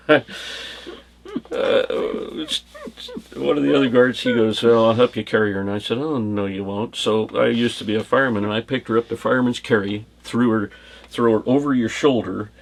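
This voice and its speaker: A man's voice: mid-range voice, moderate pace, creaky. A middle-aged man from the United States, a former bodyguard, answering questions in a rambling, anecdotal way and chuckling through his stories. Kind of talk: casual storytelling interview.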